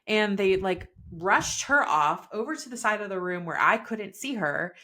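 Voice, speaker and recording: A young woman telling a personal story in casual chat, peppered with "like" and laughs, quoting herself and others in animated bursts. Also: mid-range voice, normal speed. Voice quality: chatty, peppered with "like", laughs often. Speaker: podcast guest telling her birth story.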